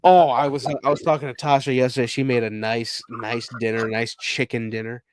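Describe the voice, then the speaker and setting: A man co-hosting a podcast, telling crude jokes and stories in a loose, animated way, laughing often. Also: medium pitch, fairly quick, smooth, dry recording. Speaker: podcast co-host. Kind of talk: casual chat.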